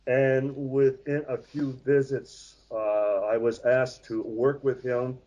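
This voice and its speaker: An American man in his sixties, a guest author telling his story in a measured, reflective way with frequent hesitations. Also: mid-range voice, little pitch movement, mellow, highs cut off. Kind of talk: interview conversation.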